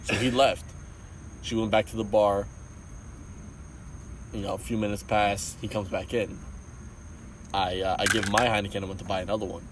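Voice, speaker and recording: Casting: low-pitched male podcast co-host, rambling storyteller, light noise behind. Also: flat delivery, moderate pace, long pauses, far from the mic. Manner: rambling, swears often, restarts a lot. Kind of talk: casual storytelling.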